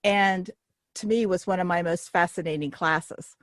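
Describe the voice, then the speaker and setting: An older woman hosting a podcast, who interviews guests in a measured way and reads scripted introductions. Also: on the low side, dry recording. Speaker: podcast host.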